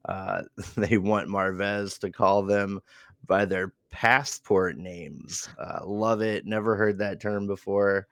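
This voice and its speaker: Deep, slow-talking man recapping casually. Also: no room sound, clean studio sound. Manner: relaxed, chuckles often, many fillers. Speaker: wrestling show reviewer.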